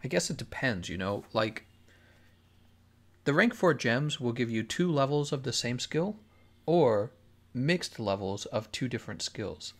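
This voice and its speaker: Guy streaming a game, gravelly creaky voice, laid back, reads out chat and thinks out loud. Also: medium pitch, expressive, unhurried. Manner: laid-back, reads chat questions aloud and muses on answers. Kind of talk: casual live-stream commentary while playing.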